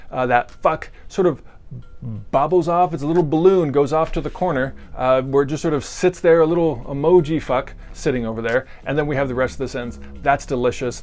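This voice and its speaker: A man giving a casual video grammar lesson. He is relaxed and rambling, and jokes with crude humor. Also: mid-range voice. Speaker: grammar teacher.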